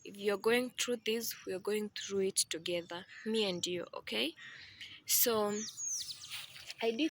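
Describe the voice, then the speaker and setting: A woman talking casually to her channel viewers, chatty and animated, with playful asides. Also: mid-range voice, a little slow, slight background noise. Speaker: vlogger. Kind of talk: casual vlog talk to camera.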